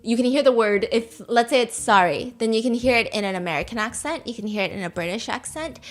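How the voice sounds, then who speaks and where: A woman hosting a gossip podcast, her voice sitting a little higher than most. She tells the story casually and animatedly, breaking into laughter and acting out the quotes as she goes. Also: fast talker. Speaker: podcast host.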